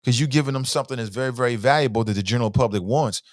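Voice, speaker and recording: A man hosts a casual livestream show at a middle pitch, reading viewer comments aloud and stressing words as he argues. His talk is loose and animated. The recording sounds dry and close, with no room echo. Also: racing. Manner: conversational, reads viewer comments aloud, often starts with "uh".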